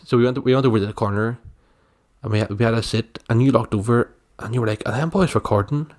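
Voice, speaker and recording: A man's voice: mid-range voice, steady tone, quick pace, a little mellow. A young Irish man co-hosting a podcast, telling a story in casual chat and acting out what people said. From Ireland. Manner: storytelling, laughing, acts out quotes. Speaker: podcast co-host.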